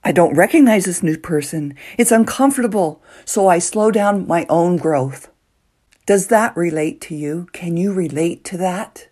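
A woman hosting a solo motivational podcast, earnest and emotional, moving between soft hushed lines and excited bursts. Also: on the low side, measured pace. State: nervous, emotional. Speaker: podcast host.

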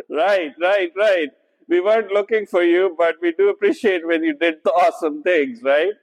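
A pastor with a high voice preaches conversationally in a church sanctuary, captured in poor audio with a big-room sound. His delivery is slow and deliberate, full of fillers and frequent "right?" checks.

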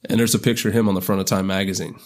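A man's voice: deep voice, fairly even intonation, racing, darkish tone. A middle-aged man on a podcast, telling long stories in a rambling way with lots of fillers and restarts. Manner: rambling, filler-heavy, self-interrupting. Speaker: podcast guest. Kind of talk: casual storytelling.

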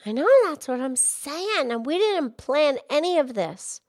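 A woman co-hosting a podcast in casual chat, talking quickly and excitedly. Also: sits high. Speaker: podcast co-host.

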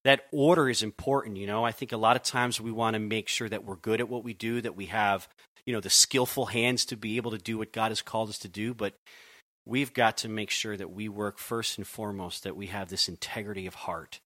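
A man from Connecticut, working as a youth pastor, speaks in a lowish, bright voice on a dry, close recording. He tells his story earnestly and in a conversational way, often restarting his sentences. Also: fairly even intonation, a little fast, no room sound. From Connecticut, USA. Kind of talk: conversational podcast interview.

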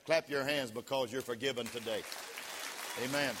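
A man preaching a sermon as pastor, leading the congregation in call-and-response and rising to shouts. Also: mid-range voice, fairly even intonation, normal speed, crowd noise, background noise. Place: church sanctuary. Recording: long reverb of a church hall.

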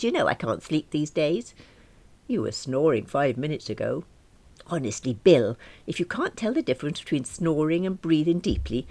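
A woman voicing an older mother who nags and bosses her family in a brisk, fussing way. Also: extremely low pitch, a little mellow, slightly rough, exaggerated voice. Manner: nagging, brisk. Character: fussy bossy older mother on holiday.

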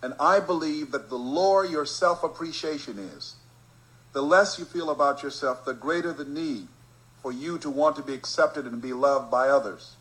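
A man from Miami giving a storytelling motivational speech, emphatic and rhythmic, slowing down to stress key phrases. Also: fairly high pitch, a bit bright, poor audio. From Miami, Florida. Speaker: motivational speaker.

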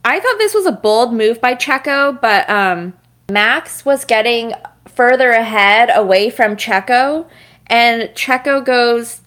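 A woman's voice: a little high, fairly bright tone. Chatty woman podcast co-host. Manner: chatty, analytical, laughs often. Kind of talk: casual chat about motor racing.

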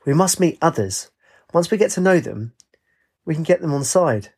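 A man's voice: a little high, animated, normal speed, darkish tone, husky, voice pushed up. A man voicing a bold, upbeat young woman from Earth in an eager, determined tone. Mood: earnest.

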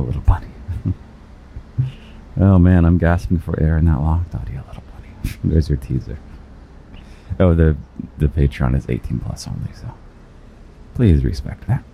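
Very deep gravelly man, flirty podcaster. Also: highs cut off. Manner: flirty, rambling, laughs often. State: slightly out of breath. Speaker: podcast host. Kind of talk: intimate walking podcast. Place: outdoors on busy city streets. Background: traffic and construction noise.

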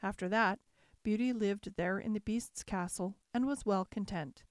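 A woman reads a classic fairy tale aloud in a calm, measured manner. Her voice sits in a middle range, and the recording is dry and close, with no room echo. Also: medium pitch. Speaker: narrator. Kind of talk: storybook narration.

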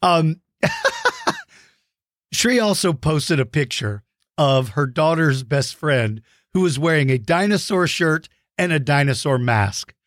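A man hosting a dinosaur show for kids, giving playful, enthusiastic shout-outs to young fans. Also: a little high, lively intonation, measured pace, no echo, studio quality. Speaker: host of a kids' dinosaur show.

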